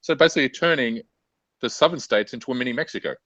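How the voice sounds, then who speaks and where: A man's voice: medium pitch, fast talker, a bit bright, no room sound, dull audio. A man appearing as a guest author and activist, arguing political points fluently with many fillers. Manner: fluent, argumentative, many "you know" fillers. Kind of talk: political discussion.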